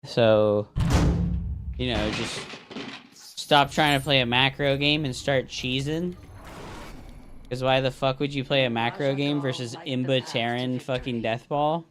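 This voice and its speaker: A man in the middle of a gaming livestream, talking straight to his chat at an everyday mid pitch. He vents and curses freely, then walks through his strategy step by step in a loose, casual way. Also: fairly even intonation, measured pace, long pauses, noisy background. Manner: frustrated, swearing, explaining strategy to chat. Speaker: streamer. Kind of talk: casual livestream talk over gameplay.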